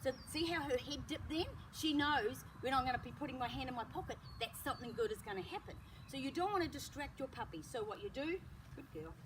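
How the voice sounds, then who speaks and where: A woman dog trainer explaining calmly, with bursts of high praise for the dog. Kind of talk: outdoor training demonstration. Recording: distant mic with loud outdoor noise.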